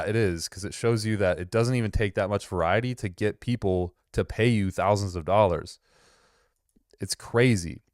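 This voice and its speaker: With lots of cursing, this commentary host mocks and rambles his way through a casual reaction piece. His voice is on the low side. The recording is dry and of studio quality.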